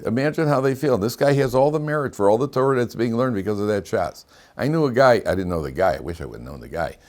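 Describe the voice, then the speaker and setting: A man, a rabbi giving a Torah class, telling stories with animation, acting out dialogue, wandering off on asides and asking rhetorical questions. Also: mid-range voice. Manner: animated storyteller who acts out dialogue; digressive, with frequent restarts and rhetorical questions.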